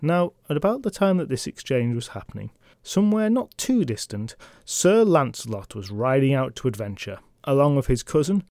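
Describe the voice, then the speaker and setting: A male podcast host retells old legends in a chatty, comic way, full of wry asides. His voice sits at a middle pitch. The sound is close and dry, with no room in it. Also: darkish tone, dry recording.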